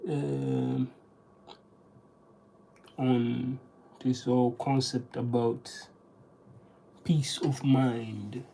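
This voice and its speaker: A person in a casual solo monologue, reading aloud and practicing vocabulary. They talk haltingly, restarting often and sounding out words while thinking aloud. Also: mid-range voice, little pitch movement, gravelly, warm tone, a little hiss or hum, low-quality recording.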